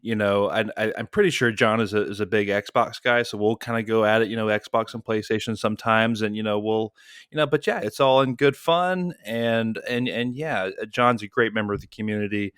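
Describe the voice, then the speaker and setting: A Southern man co-hosts a podcast, talking in a friendly, halting way with lots of restarts. His voice is low and smooth, and it sounds clean and resonant. The recording is dry and close. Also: steady tone, fairly bright tone, dry recording. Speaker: podcast co-host. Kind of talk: casual chat.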